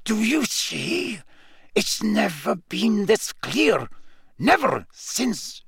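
A man's voice: sits high, very animated, extremely slow, creaky, a bit bright, breathy edge, no echo, studio quality, pitched above the performer's own voice, heavily acted. A man voicing a worried male headmaster who speaks urgently through barely moving lips. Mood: urgent agitated.

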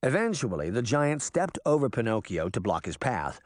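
A man narrating an audiobook with expressive storytelling. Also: medium pitch, normal speed, no echo, studio quality. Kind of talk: scripted narration.

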